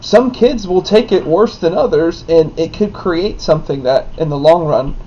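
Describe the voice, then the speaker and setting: A young married man, the son of his co-host, telling a story in an animated way with lots of "like". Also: on the high side, normal speed. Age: young adult. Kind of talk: casual storytelling. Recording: dull lo-fi with faint noise.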